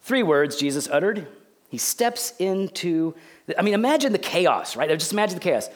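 A man in his forties preaching a sermon as a pastor, conversational and jokey, swinging from loud outbursts to hushed, near-whispered lines. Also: high voice, big pitch swings, normal speed.

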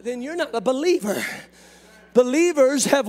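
Male pastor with a very high voice, fiery sermon delivery that builds to shouts. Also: animated. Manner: impassioned, rising to shouts, drawn-out emphatic phrases.

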